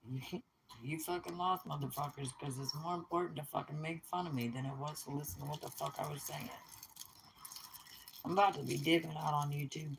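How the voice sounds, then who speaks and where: A middle-aged speaker with a gravelly, fry-edged voice, ranting straight at the camera. The delivery is blunt and scornful, thick with swearing, at an ordinary middle pitch. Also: a little hiss or hum, poor audio. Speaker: vlogger. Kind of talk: angry profane rant to camera.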